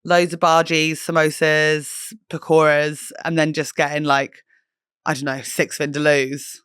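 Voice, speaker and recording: A woman's voice: low voice, little pitch movement, measured pace, fairly bright tone, clean tone, no room sound, studio quality. A woman hosting a podcast, chatting casually in a jokey, self-mocking way and swearing freely. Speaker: podcast host. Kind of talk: casual chat.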